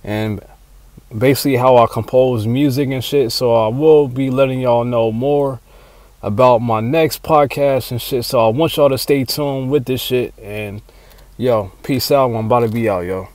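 A man hosting his own solo podcast, rambling and excitable, swearing constantly as he talks. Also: medium pitch, moderate pace, no echo. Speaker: podcast host. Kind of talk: casual solo podcast monologue.

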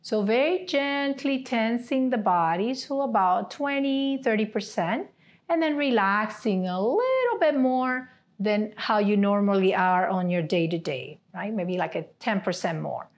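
A woman yoga therapy instructor leading a seated class with gentle step-by-step cues, often checking in with "right?". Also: medium pitch, expressive, measured pace.

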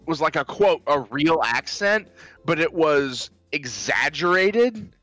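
A young man chats through a film recap with bouncy, swooping delivery and a bright, forward tone. He keeps slipping into silly character voices. The sound is dry and close, with faint music behind him. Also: on the high side, slow pace, dry recording. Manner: animated, acts out scenes in silly voices. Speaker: podcast co-host. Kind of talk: casual movie review chat.

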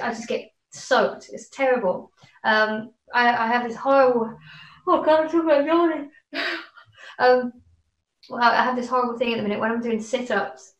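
A woman guest chatting and telling an embarrassing anecdote, amused at herself. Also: a little high. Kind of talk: casual anecdote. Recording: roomy, distant from the mic.

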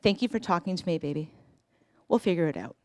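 A woman in her forties telling a personal story on a live storytelling stage, conversational, with pauses and self-corrections. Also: fairly low pitch, animated, a little mellow, no room sound.

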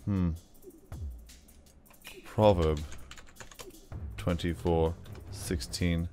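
A man's voice: low-pitched, fairly even intonation, extremely slow, dark tone, soft background music. A man hosting a let's play video, talking through a puzzle in a playful, rambling way. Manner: playful, rambling, explains puzzle steps aloud. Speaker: gaming video host.

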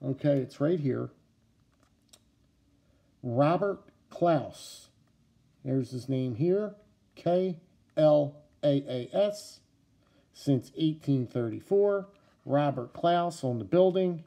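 A man with a New Jersey accent, talking casually to camera about his knife collection, halting with many fillers and restarts. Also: on the high side, animated, creaky, dark tone.

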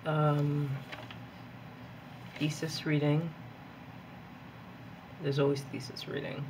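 A coffee-fueled young woman, a planner vlogger who is a graduate student and teacher, talks through her journaling in a chatty, rambling, giggly way, easily getting excited. She has a low voice and takes it slowly. Faint background noise is present.

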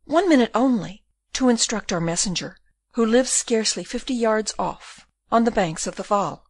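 A woman's voice: on the high side, animated, normal speed, no room sound, studio quality. A woman voicing a frightened, tearful young woman in an audiobook, pleading through sobs. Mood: distraught. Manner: sobbing, pleading.

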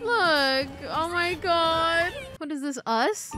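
A young woman hosting a reaction video, chatting casually in an excitable way, often laughing and squealing. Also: very high voice, slow pace. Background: music from the clips.

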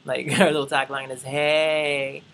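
Telling a casual travel story to the camera, a young adult from the Bahamas chats away to "y'all" with rambling asides. The voice sits mid-range at normal speed, creaky yet pushed and bright. Slight background noise runs under a rough recording.

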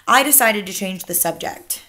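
Teacher lady reading a kids' book, bright, lively up-and-down voice. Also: medium pitch, moderate pace. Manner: expressive, storyteller pacing. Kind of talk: children's book read-aloud.

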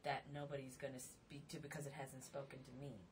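A woman's voice: extremely low pitch, little pitch movement, a little fast. A woman co-hosting a casual podcast roundtable, speaking emphatically and often asking "you know what I mean". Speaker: podcast co-host. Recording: clear background noise.

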